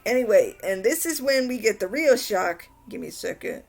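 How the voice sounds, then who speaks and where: A woman's voice: medium pitch, expressive, moderate pace, faint music behind. A young woman recaps an anime in a casual, rambling way. She restarts sentences often and sounds mildly exasperated at the plot. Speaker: anime reviewer.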